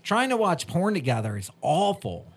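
A man's voice: sits high, wildly swooping pitch, normal speed, husky. A man from Virginia with a Southern twang, co-hosting a podcast in rambling, joking chat. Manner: rambling, self-conscious, joking. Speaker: podcast co-host.

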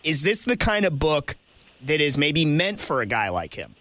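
A man's voice: a little high, sing-song, normal speed, pushed and bright, dry recording. A man in his thirties hosting an interview, asking eager, rambling questions. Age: 30s. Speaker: podcast host. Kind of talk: casual interview.

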